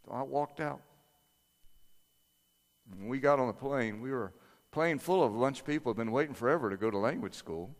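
A male preacher tells a personal story in a relaxed, conversational sermon. He drops in quick impressions of his family along the way. His mid-range voice carries a long hall echo. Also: medium pitch.

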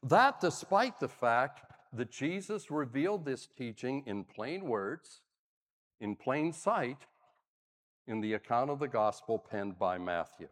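A man's voice: medium pitch, slow pace, in a large hall. An older man, a pastor, preaching a sermon, telling stories with dry humor. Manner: animated storyteller, dry humor. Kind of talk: sermon with storytelling.

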